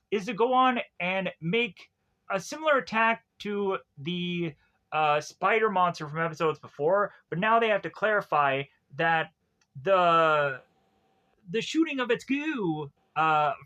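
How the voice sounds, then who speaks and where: A man's voice: high-pitched, sing-song, measured pace, sharp tone. A young man casually recapping TV episodes, rambling with many fillers and frequent chuckles. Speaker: TV show reviewer.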